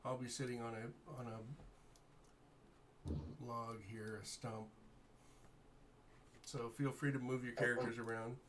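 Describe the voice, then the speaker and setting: A man acting as game master, guiding players through an online tabletop session and muttering to himself while he sorts out glitchy software. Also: mid-range voice, little pitch movement, measured pace, pauses often, a little hiss or hum.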